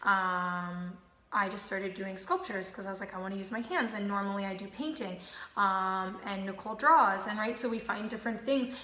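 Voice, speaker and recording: Bright-voiced woman in an echoey room. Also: mid-range voice, moderate pace. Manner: calm, explanatory, many "um"s. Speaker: spiritual practitioner co-host. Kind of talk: casual spiritual chat.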